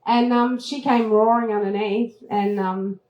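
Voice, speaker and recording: A woman who hosts a travel show, telling a story to a retreat audience in a lively way, laughing often and squealing as she acts out moments. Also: on the high side, unhurried, muffled recording. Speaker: travel TV host giving a talk. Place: event room at a retreat. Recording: roomy echoing hall.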